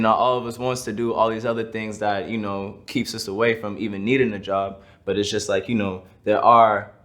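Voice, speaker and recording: A man speaking in a relaxed, rambling interview style, a vlogger from the Boston area. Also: lowish voice. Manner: laid-back, loose and rambling. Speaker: vlog host. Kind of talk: casual interview talk.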